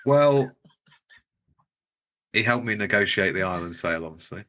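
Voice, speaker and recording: A man's voice: on the low side, expressive, moderate pace, fairly bright tone. A man co-hosting a podcast, reading out game listings in a playful, laid-back way. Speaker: podcast co-host.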